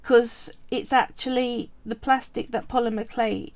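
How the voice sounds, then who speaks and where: Chatty Cockney woman, slow and high. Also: flat delivery, darkish tone. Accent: Cockney, East London. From England. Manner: chatty, wanders off on tangents, answers chat. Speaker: polymer clay artist streaming live. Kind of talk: casual live-stream chat while sculpting.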